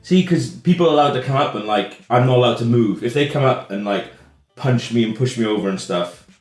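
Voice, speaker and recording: A man's voice: mid-range voice, fairly quick, faint music behind. A man in an improv comedy scene, talking in a laid-back, chuckling ramble. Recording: roomy sound.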